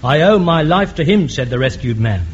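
An actor playing a gruff working man in a 1970s TV sitcom. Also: fairly high pitch, animated, normal speed, dull audio, slight background noise, natural voice.

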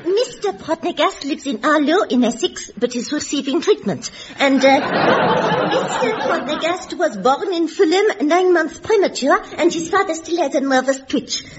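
A very high, perky hostess. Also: female voice, expressive, normal speed, a loud crowd, heavy background noise. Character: perky young female game show hostess. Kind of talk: broadcast radio comedy sketch. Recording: dull old radio recording with loud studio audience laughter.

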